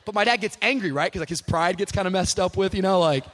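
High-voiced young male preacher. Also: quick pace, a bit bright, big-room sound. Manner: comic storytelling that builds to fervent, half-sung preaching. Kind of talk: sermon. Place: church service before a live audience.

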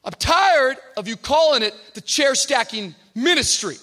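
A man putting on a loud, brash young street-talking churchgoer. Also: very high-pitched, expressive, unhurried, in a large hall, voice pushed up, exaggerated voice. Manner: loud, blunt.

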